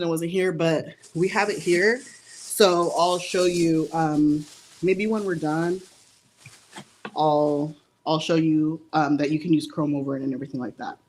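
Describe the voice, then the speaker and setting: A woman giving a casual live-stream nail tutorial, chatty and giggly and a little out of breath. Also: lowish voice. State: slightly out of breath. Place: indoor studio under hot lights.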